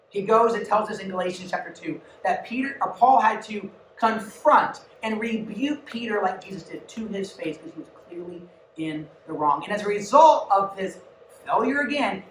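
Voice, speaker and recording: A woman's voice: medium pitch, slight background noise. A woman giving a youth sermon in a church, talking casually and with energy, with asides to her listeners. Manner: conversational and animated, with asides to the audience. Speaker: youth pastor. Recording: echoey room, mic at a distance.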